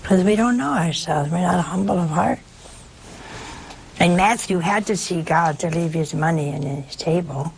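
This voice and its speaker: A woman preaches in a relaxed, talky way, as if chatting with her listeners. Her voice has a gravelly edge, and she keeps throwing out rhetorical questions. She jumps up sharply in pitch when she wants to stress a point. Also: normal speed, slight background noise. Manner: conversational, rhetorical questions and sudden emphatic leaps in pitch. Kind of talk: informal sermon.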